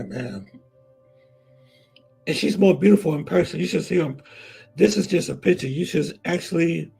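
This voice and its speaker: Dude on a livestream, raspy husky voice, kinda high, keeps repeating stuff, faint music in the back. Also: male voice, dark tone, rough recording. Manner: repetitive, emphatic, talks to viewers and chat. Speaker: vlog host. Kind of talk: casual livestream chat.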